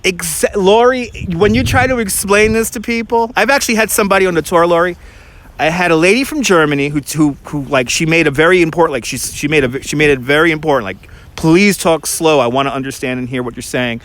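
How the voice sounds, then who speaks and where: A man with a Brooklyn accent talks casually into a handheld phone while walking outdoors through a park. His voice sits a little high for a man, and he rambles quickly with frequent restarts, like a tour guide chatting with viewers. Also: a bit bright. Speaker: tour guide and livestream host.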